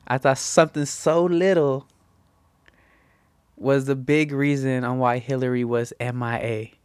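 A young man telling a rambling, slangy story, often tagging "right?" and jumping high in pitch when he quotes himself. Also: flat delivery, measured pace, smooth, no room sound. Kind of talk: casual anecdote.

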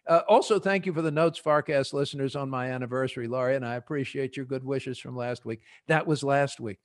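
A man with a New Jersey accent hosting a podcast panel, animated and joking as he prods his guests with quick questions. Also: medium pitch. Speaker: podcast host. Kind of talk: casual panel discussion.

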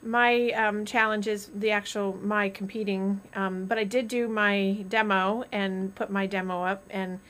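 A woman's voice: medium pitch, flat delivery, a little slow, hardly any pauses, fairly bright tone. A woman hosting a casual live stream, chatty and rambling, often laughing.

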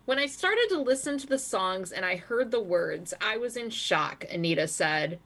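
A woman co-hosts a casual podcast and reads news stories aloud in a wry, amused way. Her voice moves around a lot in pitch, at a middle height for a woman. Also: expressive, normal speed, fairly bright tone. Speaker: podcast co-host.

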